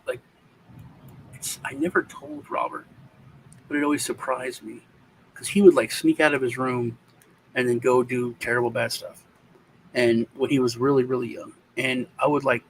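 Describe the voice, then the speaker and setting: A man's voice: mid-range voice, slight background noise, rough recording. Rambling middle-aged male host. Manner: rambling, acts out family quotes in changed voices. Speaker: show host. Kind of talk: casual chat.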